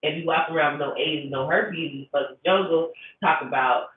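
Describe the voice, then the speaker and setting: A woman's voice: deep voice, fairly quick. A blunt, profane woman rants casually to camera, circling back with lots of fillers. Her voice sounds distant and tinny, as if caught on a phone, with heavy echo and a faint hiss behind. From United States. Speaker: commentary vlogger. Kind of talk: casual commentary rant.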